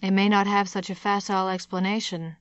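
A woman doing a calm, cold, composed protester. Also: mid-range voice, a little slow, no echo, close to an everyday voice. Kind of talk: audiobook character voice.

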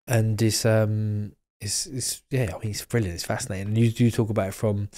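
A man's voice: on the low side, fairly even intonation, normal speed, a little mellow. A man from England hosting a casual interview, thoughtfully comparing the guest's story with his own experience. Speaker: podcast host.

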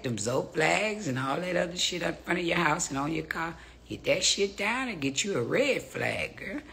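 A middle-aged woman ranting on a phone live stream, brash and profane, swinging between hushed whispers and loud exclamations. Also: fairly low pitch, a little hiss or hum. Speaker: social media personality. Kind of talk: casual live-stream rant.

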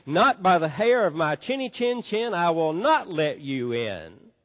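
A stubborn little male pig refusing to open his door, as a preacher puts him on. The voice is somewhat high and carries a long church echo. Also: sing-song, a little slow, a bit bright, full character voice. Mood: defiant. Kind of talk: sermon storytelling.

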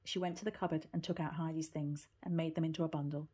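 A woman with a low, husky voice narrating a children's story aloud. Her reading is steady and even. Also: fast, few pauses. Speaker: reader.

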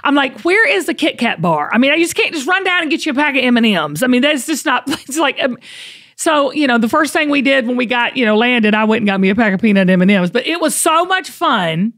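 A middle-aged woman, hosting a casual podcast chat as an animated storyteller who laughs often. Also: high voice, fast. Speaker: host.

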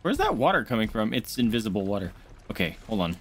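A man live-streaming a game, chatting casually and excitably with his viewers from a home setup. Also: lowish voice, fast. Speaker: gaming streamer.

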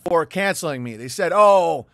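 A man's voice: fairly high pitch, expressive, normal speed, a bit bright, no room sound, studio quality. Heated middle-aged man ranting. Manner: heated, profane, rambling with restarts. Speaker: livestream host. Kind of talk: rambling livestream monologue reading viewer chats.

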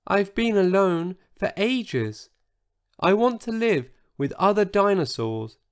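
A man doing a tiny-voiced gentle giant dinosaur. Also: high voice, big pitch swings, slow, clear, resonant tone, pitched above the performer's own voice, full character voice. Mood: timid. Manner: soft, meek, whispery. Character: huge gentle male dinosaur with a tiny timid voice.

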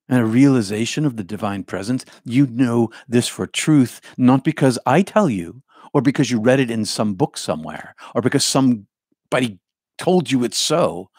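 A man giving a reflective spiritual talk as a teacher, in slow, repetitive, incantatory phrases that often drop to a hush. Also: medium pitch, no echo, clean studio sound.

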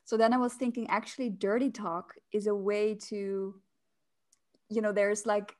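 A woman hosting a casual chat and giving tips, chatty and quick to laugh, with many restarts. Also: mid-range voice, level tone. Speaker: host.

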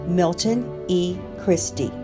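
A school counselor, a woman, reading graduates' names slowly and deliberately at a ceremony. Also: fairly low pitch, over music. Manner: slow, deliberate name reading.

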